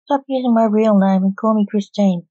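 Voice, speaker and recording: A woman voicing a blunt, squeamish teenage girl apprentice in a read-aloud story, pitching her a little higher. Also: normal speed, mellow, muffled recording, lightly acted.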